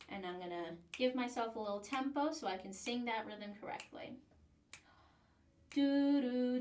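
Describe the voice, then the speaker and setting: A woman with a mid-range voice teaches trombone, explaining a practice excerpt step by step and occasionally singing its rhythms on single syllables. The instructional demonstration is recorded in an echoey room, somewhat off mic and far away.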